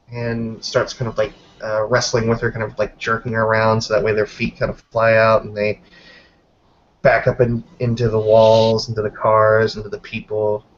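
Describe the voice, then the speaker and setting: A man narrating his character's actions in a tabletop role-playing game, hesitant and full of fillers, on a dull lo-fi recording with faint noise. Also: fairly low pitch. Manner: hesitant, many fillers and hedges. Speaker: player.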